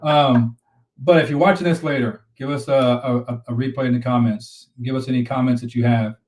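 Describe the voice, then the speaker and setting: A man's voice: mid-range voice, steady tone, a little fast, darkish tone, reverberant, far from the mic, poor audio. A man co-hosting a relationship talk show, giving earnest advice on a live stream and repeating points to drive them home. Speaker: relationship coach and co-host.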